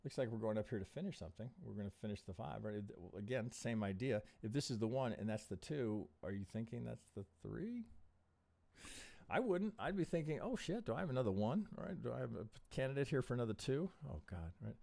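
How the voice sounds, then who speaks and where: A man's voice: on the low side, expressive, fast talker, creaky, few pauses, warm tone. A man hosting a live stream chart review, thinking aloud with rhetorical questions and swearing under his breath in frustration. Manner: frustrated, swearing, muttering to himself. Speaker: trading analyst and live stream host.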